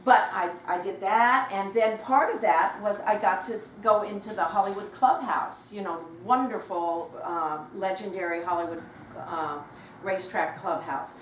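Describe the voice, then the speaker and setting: An older woman tells stories to a bookshop audience, animated and quick to slip into other people's voices. She is picked up from a distance in a roomy space with a faint hiss underneath. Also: mid-range voice. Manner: animated, acts out quoted voices, laughs while telling. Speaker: guest author at a book talk. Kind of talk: anecdotal storytelling to a live audience. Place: bookshop event room.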